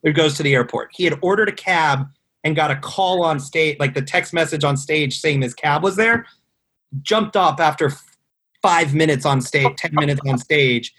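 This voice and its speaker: A man with a slightly higher, husky voice tells a long, rambling tale in casual podcast chat. He swears freely and fills his talk with "like" and "you know.". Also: normal speed, fairly bright tone. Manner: rambling storyteller, profane, many fillers. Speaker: guest telling a tour story.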